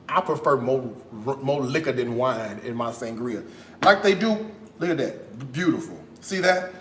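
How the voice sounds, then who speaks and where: Sassy, lively American man cooking live. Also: mid-range voice, a little slow, slight background noise. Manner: sassy and animated, tags lines with "okay?". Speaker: cooking show host. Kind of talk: casual live-stream chat while cooking. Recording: roomy echo.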